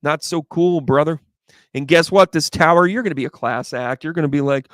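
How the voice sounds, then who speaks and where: A man giving a live tarot reading to viewers, excitable and playful, with bursts of exclamation and the odd curse. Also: on the high side, brisk, dry recording. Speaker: tarot reader.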